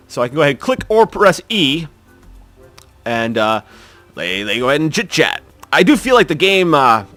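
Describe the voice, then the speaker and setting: A man's voice: medium pitch, fairly bright tone, no echo. A man casually talking through a video game playthrough, chatty, wry and rambling with restarts. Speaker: gaming video host.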